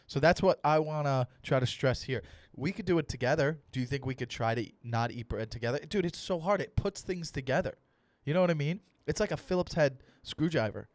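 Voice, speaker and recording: A young adult man hosting a comedy podcast, ranting with animated, profane storytelling and acted-out dialogue. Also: on the high side, no echo. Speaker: comedian host.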